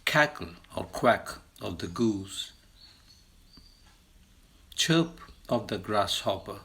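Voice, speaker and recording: Very slow, deliberate male language teacher. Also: animated, fairly bright tone. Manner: slow, deliberate listing, lifts pitch to mimic sounds. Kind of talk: slow vocabulary lesson.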